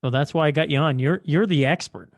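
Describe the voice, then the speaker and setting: A man's voice: fairly high pitch, fast, no room sound. A man hosting a podcast, chatting casually and reading articles aloud to his guest. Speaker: podcast host. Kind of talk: casual chat.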